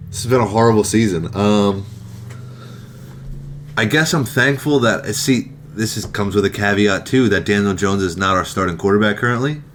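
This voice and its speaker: A man's voice: lowish voice, slight background noise. A young man co-hosting a casual sports podcast, wry and grumbling about his team. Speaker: podcast co-host.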